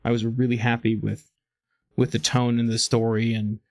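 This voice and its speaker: A man's voice: mid-range voice, little pitch movement, moderate pace, a little mellow, no echo. Enthusiastic rambling man. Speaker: podcast co-host. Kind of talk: casual chat.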